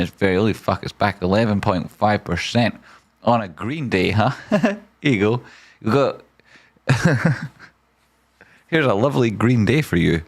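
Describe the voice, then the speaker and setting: A man hosting a live trading stream, reading viewer messages aloud with excitable swearing and silly wordplay. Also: lowish voice, a little slow, pauses often. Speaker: trading livestream host.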